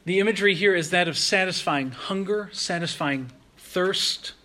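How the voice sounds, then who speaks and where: A man delivers a sermon in a bright, forceful voice that sits a touch high. He speaks earnestly and at a measured pace. He slows right down and leans on phrases he wants to stress. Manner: earnest, measured preaching with slow emphatic pauses. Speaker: pastor.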